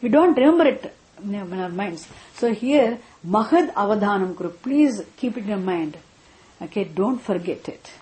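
A woman's voice: mid-range voice, animated, normal speed, a little mellow, rough recording. Lady explaining scripture terms, repeats herself, keeps asking if you get it. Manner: patient, repeats points for emphasis, asks "understand?". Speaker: spiritual teacher. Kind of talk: scripture lesson.

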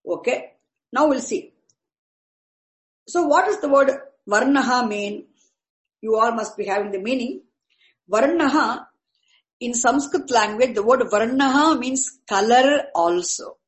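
Slow, deliberate woman teacher, echoey room. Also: on the high side. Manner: deliberate, repeats key terms, glosses into Tamil. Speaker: Sanskrit teacher. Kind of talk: slow explanatory lecture.

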